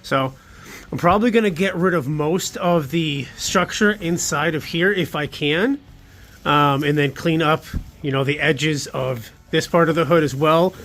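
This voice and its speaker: A man's voice: fairly high pitch, unhurried, fairly bright tone. A man narrating a casual workshop vlog, thinking aloud as he works and cheering his own results with casual slang. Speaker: car builder.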